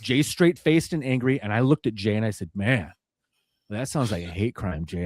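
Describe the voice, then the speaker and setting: A man's voice: fairly low pitch, expressive, normal speed, darkish tone. A man hosting a podcast, telling a long funny story in a casual way, laughing often and swearing freely. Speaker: podcast host.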